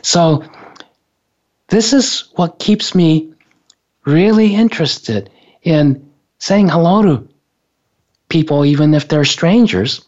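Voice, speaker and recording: A man's voice: a little high, takes it slowly, long pauses, darkish tone. A man casually telling a personal story in a rambling, hesitant way, often stopping and restarting. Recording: dull lo-fi recording.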